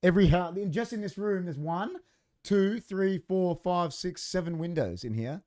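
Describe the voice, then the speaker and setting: A man's voice: high voice, expressive, moderate pace, warm tone, no room sound, studio quality. An Australian man co-hosting a podcast in casual chat, rambling and repeating words as he thinks aloud. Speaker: podcast co-host.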